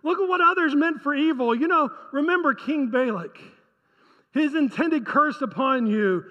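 A man's voice: extremely high pitch, normal speed. Man preaching a sermon, conversational, rhetorical questions, echoey hall, dull lo-fi sound. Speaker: pastor.

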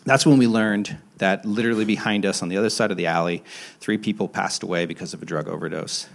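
A young adult man, a pastor, preaching a sermon in a candid, self-deprecating storytelling manner, with frequent restarts, moving between emphatic rises and quiet, low asides. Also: fairly even intonation, fast talker, gravelly.

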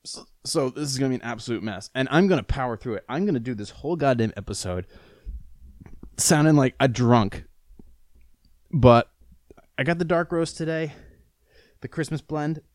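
A man's voice: medium pitch, lively intonation, normal speed, long pauses, no echo, clean studio sound. A man hosting his own podcast in a rambling, profane, self-mocking chat, struggling with the hiccups. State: has the hiccups. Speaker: podcast host. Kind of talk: casual solo podcast rant.

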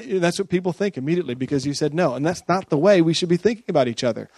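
Man preaching a sermon, higher voice. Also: lively intonation, very fast, few pauses, a little mellow, no echo. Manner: conversational, often checks in with the audience. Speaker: pastor.

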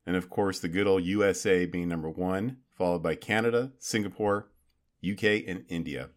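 A man's voice: deep voice, normal speed. A man co-hosting a podcast, chatting casually with blunt wisecracks. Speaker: podcast co-host. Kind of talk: casual chat.

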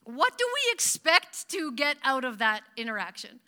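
A woman from Canada delivers a church sermon with a bright, clear tone and a fairly high voice. She talks in a chatty, animated way and laughs easily as she speaks. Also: normal speed. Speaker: pastor.

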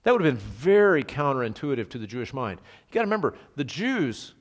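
A man's voice: mid-range voice, big pitch swings, fast talker. A man preaching an expository Bible study, conversational and emphatic, who leans into quoted lines with dramatic emphasis. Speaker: pastor.

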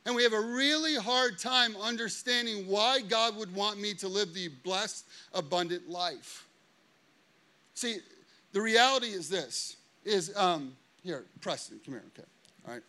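Guy pastor preaching, high bright voice, acts out his stories, kinda confessional. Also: unhurried. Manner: animated storytelling, acting out quotes. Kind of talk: sermon.

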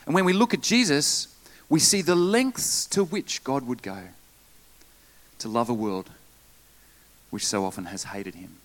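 A man preaching a sermon in church, lively, with asides and jokes to the congregation. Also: medium pitch, measured pace, pauses often. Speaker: pastor.

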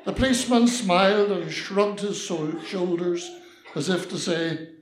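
A man's voice: sits high, steady tone, measured pace, echoey room, a little hiss or hum. An older Northern Irish man telling a personal story with mischievous liveliness, acting out the voices.

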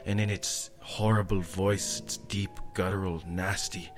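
Low-voiced man telling a rambling story. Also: steady tone, a little slow, music in the background. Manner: rambling, tags lines with "eh" and "like". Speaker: storyteller guest. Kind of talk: casual storytelling.

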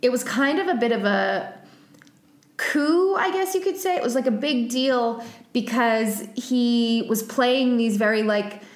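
A woman co-hosts a podcast in a casual chat, full of fillers and laughs. Her voice is a little high and unhurried, in an echoey room.

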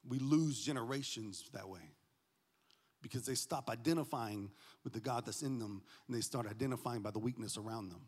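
A pastor preaching a sermon, animated and joking, swinging from loud to hushed. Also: male voice, mid-range voice, brisk, in a large hall.

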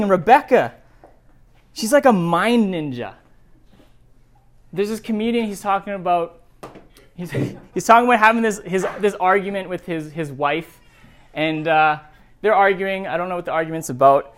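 A male pastor with a slightly high voice reads scripture in a sermon. He keeps breaking off into lively, digressive asides. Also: moderate pace, long pauses. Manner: animated, digressive asides between readings. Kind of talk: sermon, scripture reading with commentary.

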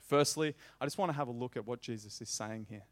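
Male preacher, mid-pitched voice, impassioned sermon, slow emphatic repeats. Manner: impassioned, rising loud on repeated phrases, slow emphatic delivery.

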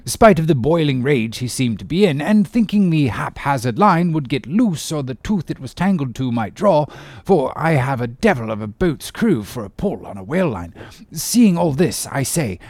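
A man's voice: fairly high pitch, very animated, moderate pace, darkish tone, no echo. A man voicing a good-humoured, one-armed English sea captain in an audiobook reading, telling a rambling, hearty tale. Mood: storytelling. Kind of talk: audiobook character voice.

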